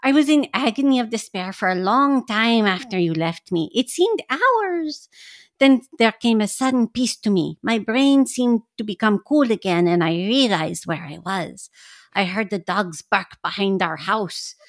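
A woman's voice: mid-range voice, animated, measured pace, no room sound, studio quality. A woman reading the part of a weak, feverish dying male patient in an amateur group reading, pleading and strained. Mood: urgent.

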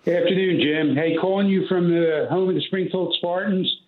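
A man with a Pennsylvania accent calls in over a tinny phone line with a roomy echo. His voice sits fairly high, and he is friendly and direct. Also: fairly even intonation, normal speed. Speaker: caller.

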